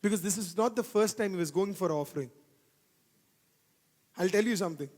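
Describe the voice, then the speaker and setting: A pastor's high, ringing male voice delivers a fervent sermon, driving points home by repeating them. The sound carries a long reverb from a large church hall. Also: fairly quick, a little mellow. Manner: fervent preaching with repeated phrases.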